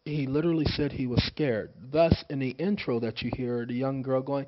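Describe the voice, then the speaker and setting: A man's voice: medium pitch, normal speed, few pauses. A man talking in a casual monologue into his phone, emphatic and repetitive, often asking rhetorical questions. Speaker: vlogger. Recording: dull lo-fi phone recording.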